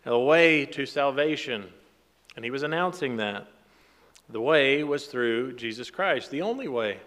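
Guy preaching a bible study sermon, reads verses up loud then explains, long echo like a big hall. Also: a little high. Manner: reads scripture aloud with rising emphasis, then explains plainly. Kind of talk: expository Bible teaching.

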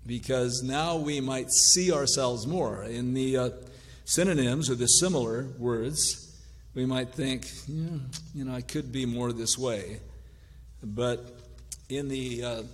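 A man preaching a sermon from the pulpit, his voice at an ordinary middle pitch. He reads long word lists slowly and breaks them with dry, wry asides. His voice hangs in a church hall with a long, ringing reverb. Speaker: pastor.

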